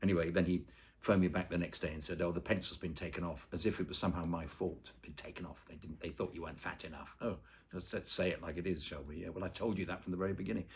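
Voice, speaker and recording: A man with a very low, deep voice tells long anecdotes in a relaxed interview. He rambles with plenty of ums and uhs and slips into the voices of the people in his stories. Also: fast talker. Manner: rambling storyteller with many fillers, acts out quoted voices. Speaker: actor and voice-over artist interviewed.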